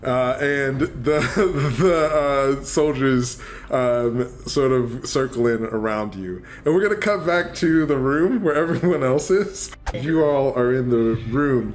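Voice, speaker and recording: A man narrating a tabletop role-playing session as game master, relaxed and full of small fillers. He talks at a slow, unhurried pace, with faint music underneath. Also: medium pitch.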